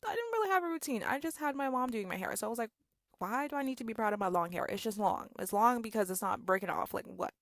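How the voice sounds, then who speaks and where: A woman's voice: medium pitch, fairly bright tone, no room sound, clean studio sound. A woman, telling a personal story to camera in a chatty, sarcastic way, full of "like" and "okay?". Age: 20s. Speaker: storytime vlogger.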